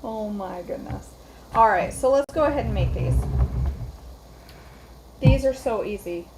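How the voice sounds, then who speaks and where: A woman's voice: fairly high pitch, expressive, a little slow, very noisy. Chatty woman on a live stream. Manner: chatty, greets viewers by name, rambling asides. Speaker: host of a live cooking stream. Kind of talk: casual live-stream chat.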